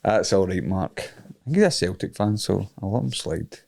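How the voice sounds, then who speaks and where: A man's voice: low voice, lively intonation, normal speed, creaky, darkish tone. A young Scottish man co-hosting a podcast, bantering, laughing often and swearing freely. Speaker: podcast co-host and fighter. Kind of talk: casual chat.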